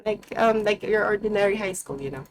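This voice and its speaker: A woman's voice: mid-range voice, level tone, brisk, heavy background noise. A young woman from the Philippines, chatting casually with her live viewers in a rambling way, full of fillers. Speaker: streamer.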